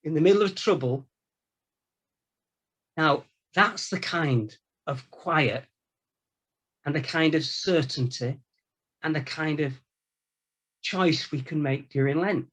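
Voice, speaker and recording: A male Catholic priest giving an informal Lenten talk, telling stories from his time as a prison chaplain in a lively, colloquial way. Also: fairly high pitch, slow, pauses often. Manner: storytelling, animated anecdotes with quoted voices.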